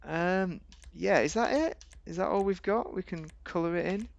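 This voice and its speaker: Gravelly man rambling over gameplay. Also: moderate pace, dull audio. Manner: rambling, chatty, jokey, talks to himself, sudden pitch jumps. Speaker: gaming video host. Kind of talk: casual gameplay commentary.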